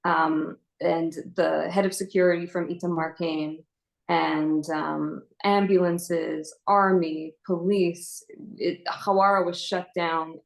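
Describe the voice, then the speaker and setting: A young adult woman giving an earnest personal testimony as an inspirational speaker, retelling events in a halting way with fillers. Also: on the low side, steady tone, gravelly, poor audio.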